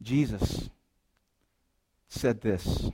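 A middle-aged man as a pastor, preaching a sermon in a church, moving between lively storytelling and hushed, earnest reflection. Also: on the low side, drawn-out words, husky. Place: church sanctuary.

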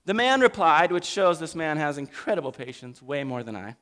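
A man preaching a sermon in an animated, humorous, conversational way. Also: on the high side, a little fast. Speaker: pastor.

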